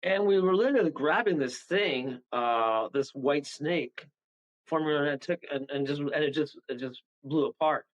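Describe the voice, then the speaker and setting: A man telling a story as a guest medium on a radio talk show, animated and rambling, acting out the voices of the people in it. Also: on the high side, moderate pace, muffled recording. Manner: animated, rambling, acts out voices, chuckles often.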